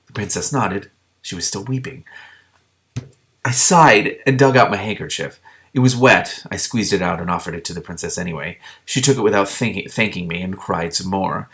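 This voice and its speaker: A man reading a novel aloud with his own asides, steady, with small slips that he corrects. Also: low voice, normal speed. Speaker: book reader.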